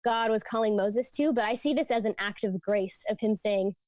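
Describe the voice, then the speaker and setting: A young woman speaking to a youth group in a relaxed, chatty sermon, her voice at an everyday middle pitch. She talks earnestly through a scripture passage and often drops in "like" and "um". The sound is dry and close, with no room around it. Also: moderate pace, no room sound. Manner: conversational, frequent fillers like "like" and "um".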